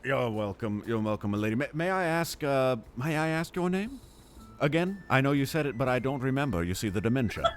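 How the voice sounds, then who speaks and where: A man playing a smooth-talking, scheming male lord in a tabletop role-play, in a pompous mock-aristocratic voice. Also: mid-range voice, sing-song, a little fast, soft background music. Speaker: player.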